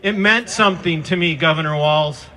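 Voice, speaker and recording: A man giving an impassioned protest speech outdoors into a handheld microphone, fervent and at times shouting. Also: on the high side, moderate pace. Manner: fervent, addresses the governor directly, rises to shouts. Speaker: protest speaker.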